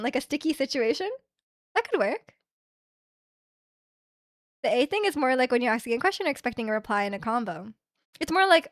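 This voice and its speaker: A woman's voice: on the high side, very animated, a little fast, pauses often, dry recording, studio quality. A young woman from Canada, a streamer chatting casually and reading her chat aloud, with many fillers.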